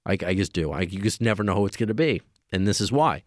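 A man hosting a podcast talks casually, pausing often and filling gaps with little sounds. His voice sits a bit low. The recording is dry and close, with no room echo. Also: lively intonation. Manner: rambling, halting with many fillers. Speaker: podcast host.

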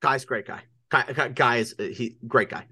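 A man's voice: medium pitch, a little fast, bright, forceful tone, breathy edge, dry recording, clean studio sound. A man with a Long Island accent co-hosting a casual sports podcast, enthusiastic and prone to stammering repeats. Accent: Long Island New York. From Long Island, New York. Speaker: podcast co-host.

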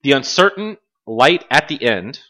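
Bright-voiced laid-back podcast host man. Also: medium pitch, very animated, measured pace. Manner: laid-back, laughs often, reads game lists. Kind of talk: casual chat.

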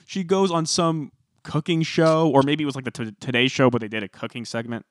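Podcast guy, animated storytelling, mid pitch, dry close mic. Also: a little fast, no room sound. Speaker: podcast co-host. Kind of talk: casual podcast chat.

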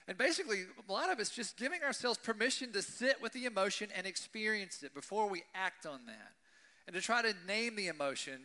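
A man's voice: high voice, bright, forceful tone. A male pastor giving a conversational sermon to his congregation, often checking in with "right?". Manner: conversational, asks the audience "right?". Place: church service with congregation.

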